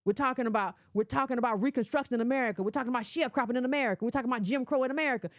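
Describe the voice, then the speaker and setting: A middle-aged woman comments on clips in a high, racing voice, recorded with studio quality and no room sound. Casual and opinionated, she lectures emphatically in colloquial language.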